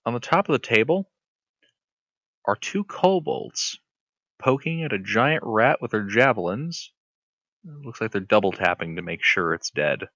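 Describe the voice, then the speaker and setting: Bright animated guy running a tabletop game, dry close mic, voice bounces all over. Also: on the low side, unhurried, pauses often, no echo, lo-fi sound. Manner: lively, animated narration with sudden shrieks. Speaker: game master.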